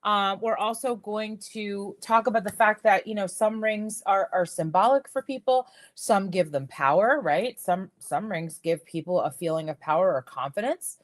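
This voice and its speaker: A woman's voice: medium pitch, normal speed, few pauses. A middle-aged woman chatting casually on a live stream about jewelry, telling stories with lots of fillers and repeated words, with a slight whistle in her speech from a missing tooth. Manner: chatty, animated storytelling with frequent fillers and repeats.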